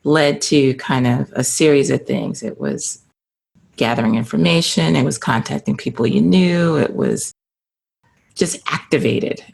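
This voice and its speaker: A woman's voice: a bass voice, a little slow, gravelly, darkish tone, husky. A woman hosting a podcast, asking questions in a reflective way and thinking aloud. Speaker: podcast host. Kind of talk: interview questions.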